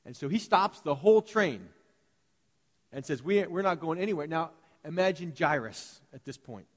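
A male pastor delivers a sermon in an animated, conversational manner. He slips into quick acted-out voices while he tells the story. His voice sits a little high, and it rings with the long reverb of a church hall. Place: church sanctuary.

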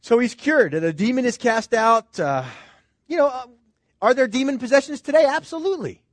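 A middle-aged pastor with a notably high voice delivers his sermon in an earnest, conversational way. He keeps turning to the congregation with rhetorical questions. The recording is dry, with no room echo. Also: animated, brisk.

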